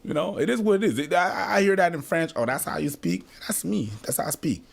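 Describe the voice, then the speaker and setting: Lively, high-voiced man talking bluntly. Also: quick pace, vocal fry. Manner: animated and blunt, swears freely. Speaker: guest in a discussion video. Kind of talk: casual discussion.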